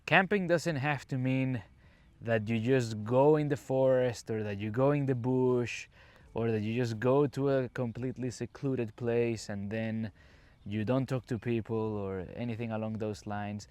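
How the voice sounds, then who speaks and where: Recorded on his phone at a campsite, this island-born English teacher hosts a laid-back podcast, walking and explaining things as he speaks straight to his audience. His medium-pitched voice is steady, unhurried, slightly mellow, clear and resonant, with no room sound.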